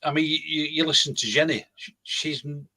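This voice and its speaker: A man's voice: fairly high pitch, fairly even intonation, moderate pace, pushed and bright. A man co-hosting a casual live-stream chat, blunt and swearing, with emphatic agreement. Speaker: co-host.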